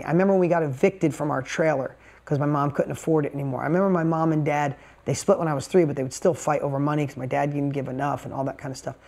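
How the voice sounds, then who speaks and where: A man's voice: a little high, creaky, a little mellow. Intense, emphatic man telling a story. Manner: emphatic and intense, punchy repeated phrases. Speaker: motivational speaker. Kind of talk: personal story told to a live audience.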